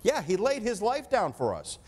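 Emphatic preacher, man with higher voice. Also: wildly swooping pitch, normal speed, darkish tone, slightly rough. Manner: emphatic preaching, asks congregation for amen. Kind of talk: sermon.

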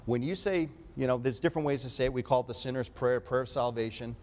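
A man's voice: mid-range voice, fast, darkish tone. A man preaching a sermon with emphatic delivery, often calling for an amen.

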